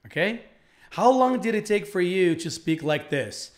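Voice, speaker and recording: A man from Brazil teaching a live online English lesson, speaking slowly and repeating phrases for learners. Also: sits high, lively intonation.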